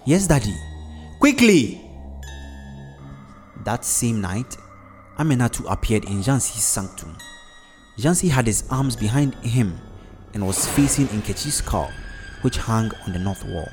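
A man reading a dark story aloud in a dramatic, scripted narration. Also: fairly low pitch, animated, a little slow, soft background music. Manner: dramatic, acts out every character.

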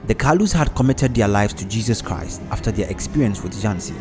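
A man narrating a story in a measured, even delivery. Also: lowish voice, over music. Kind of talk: storybook narration with character voices.

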